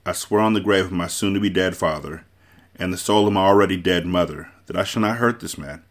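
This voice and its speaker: A scheming, cruel prince, as a male reader puts him on, smug and coldly formal. The man pitches his low voice slightly up. The tone drips with self-satisfaction. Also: a little fast, close to an everyday voice. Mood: solemn.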